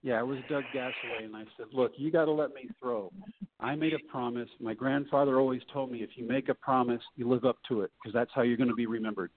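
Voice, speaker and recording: A man's voice: mid-range voice, fairly even intonation, quick pace, slight background noise. A middle-aged man telling his story as a podcast guest in a folksy way, acting out the people he quotes. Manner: folksy, acts out quoted voices. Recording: tinny phone-like line.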